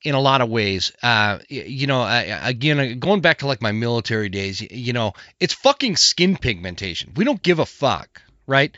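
A man's voice: medium pitch, very animated, normal speed, hardly any pauses, sharp tone, no echo, lo-fi sound. A man hosting a podcast, talking bluntly in casual conversation, swearing freely and restarting his sentences. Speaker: podcast host.

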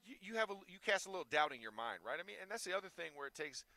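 A former pro football player talking casually and telling stories animatedly. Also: male voice, on the high side, very fast, no echo. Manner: animated storyteller, acts out quotes. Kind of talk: casual sports talk.

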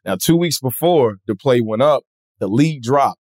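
A man being interviewed, telling stories in a relaxed, lively way and acting out other people's voices. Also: medium pitch, unhurried, dry recording, studio quality. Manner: animated, acts out voices in his stories. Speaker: comedian guest. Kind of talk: casual interview storytelling.

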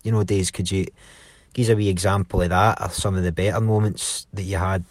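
Deep guy hosting, asks slow careful questions, dry close sound. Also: steady tone, no room sound. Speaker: podcast host, interviewer. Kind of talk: interview questions.

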